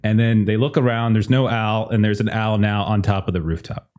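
A man's voice: lowish voice, steady tone, fairly quick, a little mellow. A man running a tabletop game as game master, narrating loosely with many fillers.

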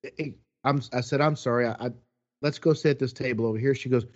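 A man in the middle of a long, chatty story, acting out what everyone said in a relaxed, animated way. His voice sits in an ordinary middle range. The recording sounds a little muffled and lo-fi. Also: mid-range voice, fast. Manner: animated, chatty, quotes people as he goes. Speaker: guest telling a story. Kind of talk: casual storytelling.

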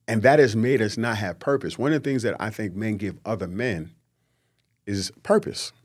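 A man, a guest on a podcast, talking in a lively, preachy way and mimicking people he quotes. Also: on the low side, normal speed, slightly rough. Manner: animated, preachy, acts out quotes in mocking voices. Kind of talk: casual podcast conversation.

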